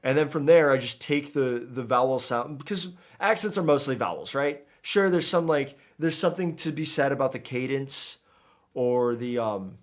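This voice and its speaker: A man's voice: medium pitch, moderate pace. A man streaming a video game, chatting casually in a rambling, jokey way and often tripping over his words. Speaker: gaming streamer. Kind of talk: casual let's-play commentary.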